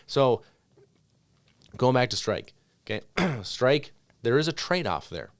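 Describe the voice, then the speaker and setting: A man's voice: mid-range voice, sing-song, slow, no room sound. A man co-hosting a podcast, chatting casually and telling stories with lots of fillers like "like" and "you know". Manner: conversational, storytelling with many fillers. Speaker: podcast co-host, dog trainer. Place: studio.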